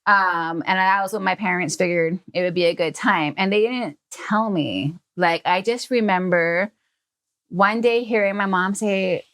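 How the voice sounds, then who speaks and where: A woman at an ordinary middle pitch tells a childhood memory on a podcast. She talks loosely and conversationally, with plenty of fillers. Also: unhurried. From Hawaii. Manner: animated storyteller who acts out quoted family members. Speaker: podcast guest. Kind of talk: casual storytelling.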